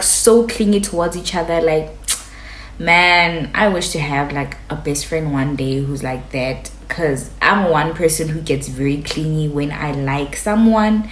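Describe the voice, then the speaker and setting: A young woman telling a story to camera in a casual, animated way, cursing freely. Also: fairly low pitch, measured pace. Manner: animated, chatty, swears freely, acts out quotes. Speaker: vlogger. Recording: echoey room.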